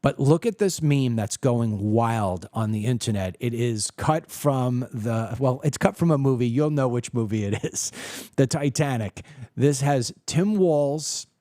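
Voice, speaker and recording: A man's voice: measured pace, no echo, studio quality. Fired-up male political podcast host. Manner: animated storytelling, acts out quoted people in a higher voice. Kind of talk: opinionated political commentary.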